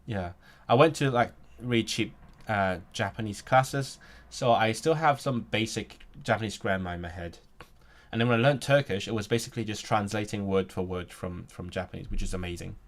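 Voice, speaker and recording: A young man hosting a casual language-learning live stream, reacting to chat, often restarting his sentences and trying out halting Turkish and Welsh phrases. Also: lowish voice.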